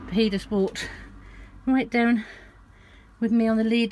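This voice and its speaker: A woman's voice: a little high, steady tone, moderate pace, a little mellow. A woman, vlogging casually outdoors at a campsite, chatting away and slipping into fond baby talk with her cat. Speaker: van-life vlogger. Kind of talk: casual vlog chat to camera. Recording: outdoor background noise.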